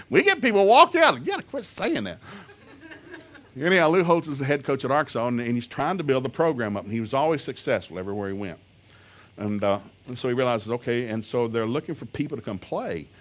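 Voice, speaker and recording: A man telling a humorous story to an audience, animated and laughing often as he talks. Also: mid-range voice. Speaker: speaker.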